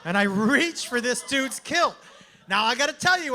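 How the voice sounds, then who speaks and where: A man performing a stand-up comedy set, telling a story in a brash, loud way with shouted bursts, on a handheld mic at a comedy club. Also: very high voice, very animated, normal speed, a little hiss or hum.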